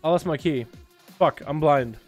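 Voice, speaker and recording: A man with a raised, high-pitched voice talks to his live chat while playing a game, swearing freely. He is excitable and breaks into loud rants. It is casual and unscripted. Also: normal speed, husky, faint music behind. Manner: profane, excitable, swings into loud outbursts. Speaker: game streamer. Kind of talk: casual livestream commentary.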